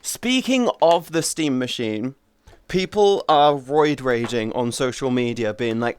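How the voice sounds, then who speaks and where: A man's voice: fairly high pitch, lively intonation, unhurried, clean tone, no room sound. A young adult man chatting casually on a live stream, rambling, swearing freely and restarting his sentences. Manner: rambling, profane, restarts often.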